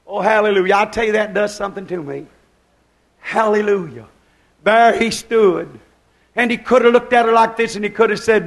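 A man preaching a sermon, building to shouted climaxes and dropping to hushed passages. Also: high-pitched, normal speed, gravelly. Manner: impassioned, shouting in bursts, then hushed.

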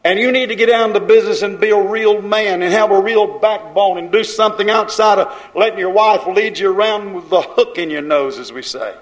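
A man's voice: high voice, a little fast, hardly any pauses, poor audio. A man preaching a fiery sermon, scolding his congregation in rhythmic, repeated phrases and folksy grammar.

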